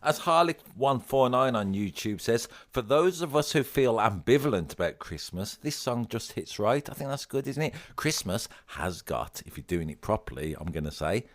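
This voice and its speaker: A man co-hosting a music podcast in casual chat, wry, with quick interjections, reading lyrics and comments aloud. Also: medium pitch, expressive. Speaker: podcast co-host.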